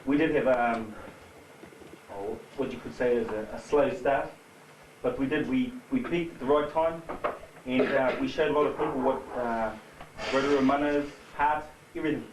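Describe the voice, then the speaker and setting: A man's voice: medium pitch, steady tone, moderate pace. Man, rugby coach, light-humoured speech, distant mic, noisy background. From New Zealand. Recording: echoey hall from far off with noise.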